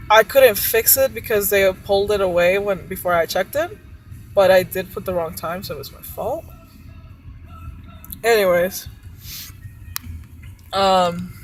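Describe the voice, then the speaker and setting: A woman's voice: medium pitch, low-quality recording. A woman who works as a cook, frustratedly venting about her job and swearing often.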